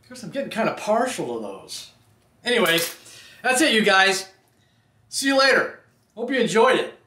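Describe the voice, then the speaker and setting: A man's voice: high-pitched, fairly bright tone. Rambling man in an echoey room. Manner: rambling, friendly, says you guys. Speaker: vlogger. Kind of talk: casual vlog chat.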